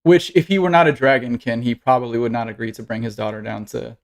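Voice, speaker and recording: A man narrates a tabletop role-playing game as game master. He talks in a relaxed, rambling way, with ums and asides between the descriptions. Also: mid-range voice, fast talker, vocal fry. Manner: casual, rambling narration with fillers.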